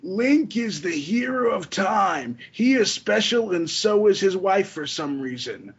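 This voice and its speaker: A man's voice: high voice, animated, unhurried, slightly rough, pitched above the performer's own voice, exaggerated voice. A man voicing a cheerful young forest girl, a sage, who hands down mock-grand decrees in a lo-fi recording.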